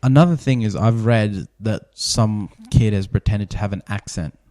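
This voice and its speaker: A man's voice: on the low side, normal speed, warm tone, no room sound. A man co-hosting a podcast, wry and teasing, swearing in casual chat. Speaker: podcast co-host.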